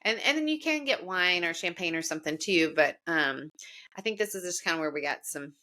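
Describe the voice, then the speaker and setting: Bright-voiced Southern woman, chatty. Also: lowish voice, brisk. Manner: chatty, animated storyteller with lots of fillers. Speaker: podcast co-host. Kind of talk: casual chat.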